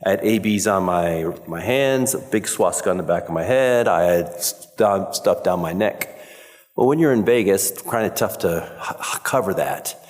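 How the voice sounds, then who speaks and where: A man's voice: low-pitched, moderate pace, darkish tone. A man on a convention panel, telling a rambling story with many fillers. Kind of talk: casual anecdote telling. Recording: echoey convention hall.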